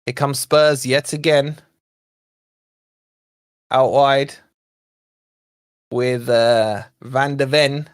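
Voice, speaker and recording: A man hosting a live fan watch-along, commentating on play and chatting with viewers, excitable and quick to shout at near misses and fouls. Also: mid-range voice, clean tone. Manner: chatty, talks to viewers and co-host. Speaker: fan channel host.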